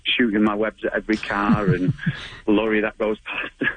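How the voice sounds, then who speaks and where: A man's voice: lowish voice, flat delivery, moderate pace, fairly bright tone, slightly rough, no room sound. A man calling in to a radio interview, talking enthusiastically with laughs and restarts over a tinny phone line. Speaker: caller, guest dressing as a superhero.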